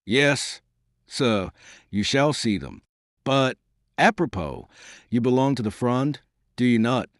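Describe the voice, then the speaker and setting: A man's voice: medium pitch, slow, pauses often, dry recording, studio quality, natural voice. A man reading as a haughty, disdainful queen. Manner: disdainful, imperious. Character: haughty proud queen, a grown woman.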